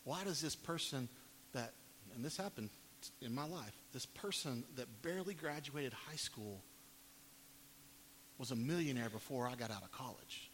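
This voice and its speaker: A man preaching a sermon, reading scripture dramatically, rising to loud pleading and dropping to quiet, low emphasis. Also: lively intonation, normal speed, long pauses. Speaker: pastor. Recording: long hall reverb, faint hiss.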